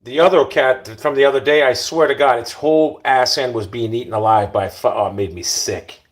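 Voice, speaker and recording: A middle-aged man rambles through a casual monologue in a blunt, cursing way, his voice set at an ordinary middle pitch. He keeps slipping down into low, quiet muttering between his louder remarks. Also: a little fast. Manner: blunt, profane, rambling, often drops to a mutter. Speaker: vlogger.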